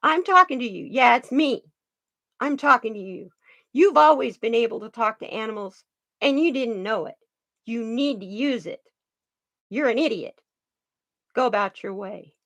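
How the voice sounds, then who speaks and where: A woman's voice: on the high side, expressive, moderate pace, long pauses, a bit bright, dry recording. Brief: scornful male cougar, blunt and dry-voiced, put on by a woman retelling it. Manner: blunt and insulting.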